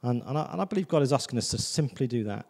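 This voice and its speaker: A man gives a sermon in a church with a mellow, warm tone. He talks loosely and personally, stopping often to check in with the congregation. His pitch sits in a middle range. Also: animated, rapid-fire, vocal fry, long reverb tail. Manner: conversational, repeats "do you know what I mean". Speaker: visiting preacher.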